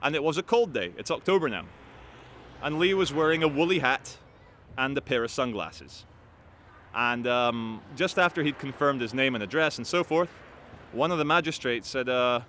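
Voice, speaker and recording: A man telling a story to camera in an animated, profane, rambling way. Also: medium pitch, moderate pace, a little hiss or hum. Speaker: activist vlogger.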